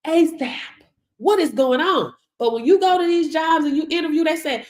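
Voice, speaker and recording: A woman's voice: high-pitched, normal speed, reverberant. Sassy woman preaching money mindset. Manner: preachy, sassy, addresses viewers as baby. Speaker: livestream business mentor. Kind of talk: motivational livestream talk.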